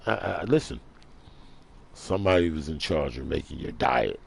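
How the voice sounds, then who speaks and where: A man's voice: very deep voice, a little slow, gravelly, a little mellow, slightly rough. A man ranting in a vlog monologue, preachy and full of rhetorical questions, repeating himself for emphasis. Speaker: vlogger.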